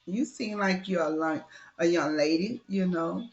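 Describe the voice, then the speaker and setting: A woman playing a smooth-talking older man. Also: lowish voice, a little slow, highs cut off. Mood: coaxing. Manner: persistent, smooth, coaxing.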